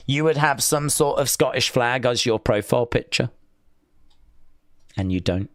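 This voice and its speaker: Slow-talking English man teasing his chat. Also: mid-range voice, expressive, fairly bright tone, no echo. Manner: playful and teasing, bantering with chat. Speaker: live-stream host. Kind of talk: casual live-stream chat, reading viewer comments.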